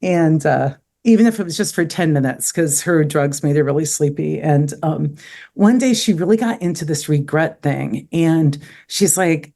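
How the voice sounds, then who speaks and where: Low-voiced woman telling personal stories. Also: normal speed, dark tone. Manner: candid, storytelling, many fillers. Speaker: podcast guest. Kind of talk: casual conversation.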